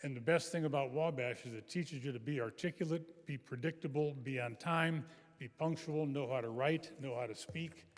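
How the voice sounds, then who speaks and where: An older man gives a speech full of folksy anecdotes, his pitch sitting in an ordinary middle range. The recording carries a long reverb from a large chapel hall. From American Midwest. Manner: folksy storytelling. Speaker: guest speaker.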